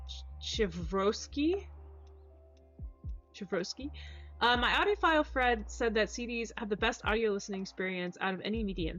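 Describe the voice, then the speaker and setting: A woman's voice: mid-range voice, a bit bright. A chatty woman streamer talks casually with her chat, reading messages aloud and tripping over names. The audio is dull and lo-fi, with faint music playing underneath.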